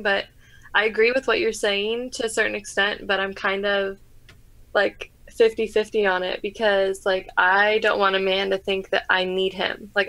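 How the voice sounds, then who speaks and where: A woman's voice: mid-range voice, little pitch movement, a little slow, fairly bright tone. A young woman co-hosting a podcast, chatting casually and rambling with many fillers. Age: young adult. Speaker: podcast co-host. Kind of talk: casual chat.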